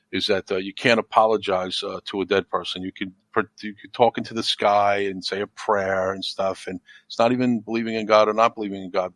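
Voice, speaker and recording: A middle-aged man in casual podcast talk, rambling and repeating words, turning animated when he tells a story. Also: lowish voice, dry recording. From United States. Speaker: podcast guest. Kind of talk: casual chat.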